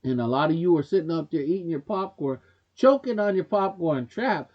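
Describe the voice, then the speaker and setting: A man's voice: a little high, lively intonation, fairly quick, highs cut off. A man hosting a commentary show, giving a blunt, preachy opinion monologue straight to viewers in loose casual speech. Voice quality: casual speech with dropped grammar.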